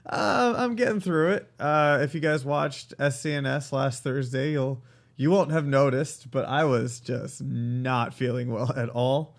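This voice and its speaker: A podcast co-host with a medium-pitched voice talks a little slowly in a casual chat. He has a cold, so he sounds stuffy and nasal, and his manner is joking and rambling.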